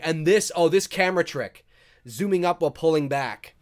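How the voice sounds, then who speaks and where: A man hosting a live movie commentary, talking casually and excitedly and swearing freely as he reacts to the film and reads out viewer chat. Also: fairly high pitch, normal speed.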